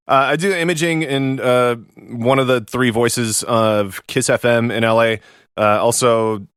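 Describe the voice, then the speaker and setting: A man's voice: mid-range voice, fairly bright tone, clean tone, no echo, studio quality. A man who works as a radio station voice, chatting as a guest in a self-deprecating way and laughing often. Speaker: radio imaging producer and station voice. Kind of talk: casual guest chat.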